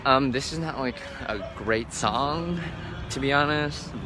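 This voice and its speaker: With a mid-range voice and a measured pace, a man vlogs his travels live outdoors, phone in hand, with boats all around. He answers viewers' questions in a rambling, easygoing style peppered with "um" and "like," and background noise is constant.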